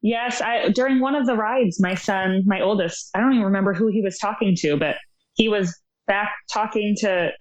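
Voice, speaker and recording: A woman guest on a podcast roundtable, friendly and halting, restarting her sentences often. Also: medium pitch, low-quality recording. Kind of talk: casual roundtable chat.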